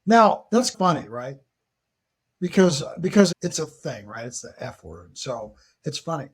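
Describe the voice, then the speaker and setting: A man, a military veteran, talking on a podcast and telling stories with lively emphasis. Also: fairly high pitch, measured pace, husky. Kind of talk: podcast conversation.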